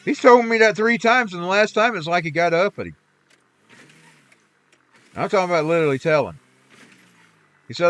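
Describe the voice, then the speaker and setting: Folksy preachy man, higher voice. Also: animated, a little fast, pauses often, fairly bright tone. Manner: rambling, folksy, preachy asides. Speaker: streamer. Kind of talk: casual chat while gaming.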